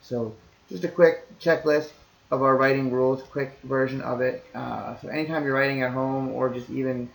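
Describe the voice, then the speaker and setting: A man's voice: medium pitch, fairly even intonation, moderate pace, vocal fry, echoey room, poor audio. A man teaching, explaining to parents in a recorded lesson in an easygoing, reassuring way, talking things through step by step.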